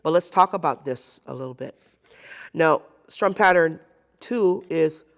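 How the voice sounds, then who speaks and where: A woman's voice: deep voice, unhurried, creaky, soft background music. A woman teaching a live group ukulele lesson, counting beats aloud and checking in with the class. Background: ukulele playing.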